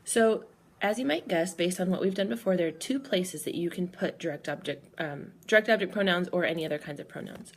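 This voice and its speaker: A woman's voice: lowish voice, fairly quick. A woman teacher explaining grammar patiently, step by step, in a recorded lesson. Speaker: Spanish teacher.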